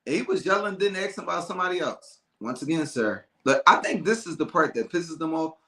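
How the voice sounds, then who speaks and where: A man hosting a casual talk show, telling stories with lively acted-out dialogue. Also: on the high side, a little fast, reverberant. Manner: animated storyteller, acts out calm and angry callers. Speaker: podcast host. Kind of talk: casual storytelling chat.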